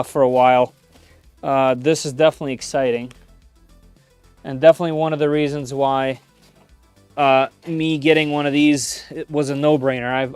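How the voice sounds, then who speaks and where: A man's voice: medium pitch, clear, resonant tone, no room sound. A man giving live-stream commentary while unboxing a machine in his home workshop, thinking aloud with frequent "uh"s and small restarts.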